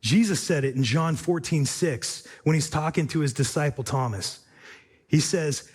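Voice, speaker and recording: A man's voice: on the high side, normal speed, a little mellow, husky. A male pastor preaching a sermon with emphatic, repetitive rhetorical phrasing.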